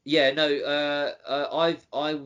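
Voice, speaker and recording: A man co-hosting a casual podcast, dry and self-deprecating, often halting mid-sentence. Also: a little high, little pitch movement, fairly bright tone. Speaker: podcast co-host. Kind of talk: casual chat.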